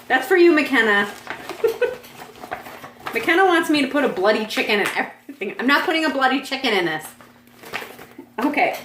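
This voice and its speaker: A woman's voice: a bit bright, slight background noise. Rambling woman vlogging in an echoey room. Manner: rambling, with many ums and restarts; pitches up sharply when calling her dogs. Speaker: cross-stitch vlogger. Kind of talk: casual chatty vlog. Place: at home, dogs nearby.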